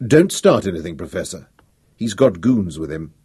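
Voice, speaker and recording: A man's voice: sits low, big pitch swings, normal speed, mellow, slightly rough, dry recording, clean studio sound, pitched below the performer's own voice, exaggerated voice. A man voicing a nervous, cautious young male student assistant who speaks in an anxious, pleading way.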